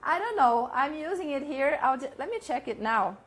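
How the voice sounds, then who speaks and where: A woman teaching a live online English lesson, chatting with viewers and repeating example sentences slowly, with frequent laughs. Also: high-pitched, expressive. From Brazil.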